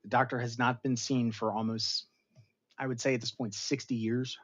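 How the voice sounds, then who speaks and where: Brief: male host, lively casual review, mid-pitched voice, slightly lo-fi sound. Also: moderate pace. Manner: animated, acts out characters' lines in funny voices. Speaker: show host.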